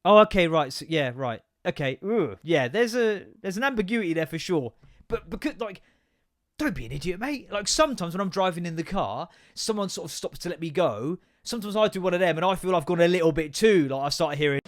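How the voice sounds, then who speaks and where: A man's voice: high voice, expressive, brisk. A man hosting a podcast, ranting in casual chat, sweary, sarcastic and exasperated. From England. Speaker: podcast host.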